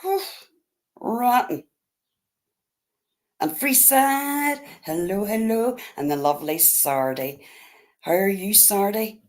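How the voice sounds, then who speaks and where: Northern irish woman on a live stream, slow and chatty, saying hi to everyone. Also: mid-range voice, lively intonation, darkish tone. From Northern Ireland. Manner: chatty, greets viewers one by one. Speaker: livestream host. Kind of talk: casual livestream greetings.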